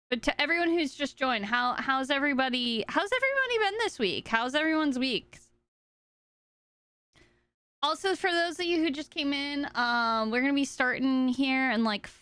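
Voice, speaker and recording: A woman's voice: high voice, unhurried, pauses often, fairly bright tone, smooth, no echo. A woman streamer chatting casually to her viewers while fumbling through her stream settings. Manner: scattered, talking to herself and chat while searching settings. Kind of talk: casual live-stream chat.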